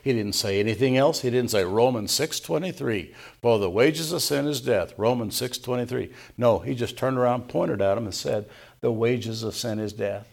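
A man's voice: medium pitch, expressive, normal speed, creaky, hardly any pauses. An older man preaching a sermon as pastor, talking earnestly and conversationally and building to emphatic peaks. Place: church.

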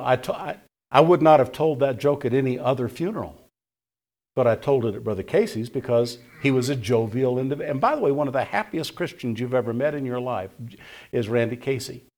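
A middle-aged male pastor preaching a sermon, telling a story in a folksy way and acting out the dialogue. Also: medium pitch.

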